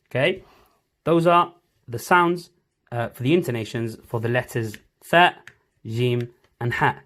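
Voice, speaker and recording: Man, Arabic teacher, online lesson, patient, encouraging, repeats sounds slowly, mid-pitched voice. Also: lively intonation, fairly bright tone. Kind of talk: online language lesson, drawing on a board.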